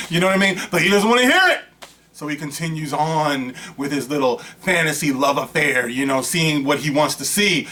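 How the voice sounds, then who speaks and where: A man's voice: on the high side, fairly quick, pushed and bright. A man hosting his own vlog, ranting in a casual, rambling way with lots of asides and storytelling. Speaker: vlog host. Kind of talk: casual rant to camera.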